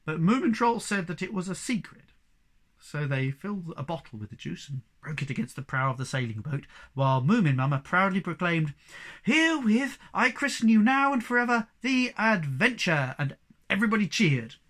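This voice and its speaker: Expressive children's storybook reader. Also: mid-range voice, brisk. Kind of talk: reading a children's book aloud.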